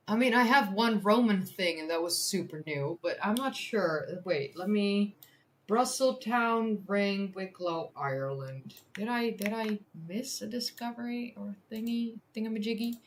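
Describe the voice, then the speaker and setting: A woman's voice: mid-range voice, a little slow, slight background noise. A woman hosting a livestream, chatting casually with viewers and reading articles aloud, laughing easily and stumbling over hard words. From Netherlands. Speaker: livestream host, science communicator.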